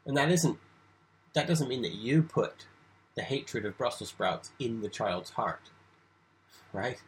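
Husky-voiced man teaching scripture. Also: medium pitch, very animated, moderate pace, rough recording. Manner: conversational, with frequent restarts and asides. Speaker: Bible teacher. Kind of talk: informal Bible lecture.

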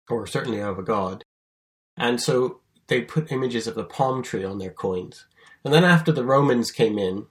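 A man of middle pitch teaches a Bible lesson in an easy, conversational voice. He tells the story in a lively way, leaning hard on key words and now and then restarting a phrase. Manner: lively storytelling with emphatic stresses.

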